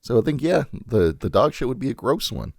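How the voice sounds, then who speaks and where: A man's voice: mid-range voice, very animated, fairly quick, creaky, a little mellow, no room sound, studio quality. A man co-hosting a podcast in casual chat, rambling and laughing often. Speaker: podcast co-host.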